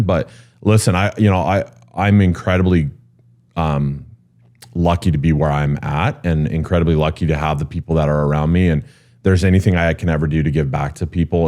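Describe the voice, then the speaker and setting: Low-voiced man telling a candid story. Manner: animated storyteller who jumps high when quoting people; frequent fillers like um and you know. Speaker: guest, real estate executive.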